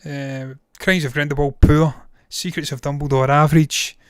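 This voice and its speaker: A man's voice: fairly high pitch, little pitch movement, normal speed, a bit bright, clear, resonant tone, no room sound. A man in his thirties gives blunt, opinionated verdicts and swears without a second thought. His voice sounds tired and strained after a long stream. The sound is close and dry, with no room around it. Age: 30s. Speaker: film reviewer and live-streamer. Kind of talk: casual live-stream chat.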